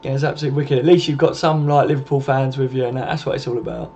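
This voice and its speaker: This live stream host goes through viewer comments rapid-fire, chatty and matey, swearing freely and calling people mate. His medium-pitched voice stays fairly even and has a darkish tone. The sound is slightly muffled, with faint background noise.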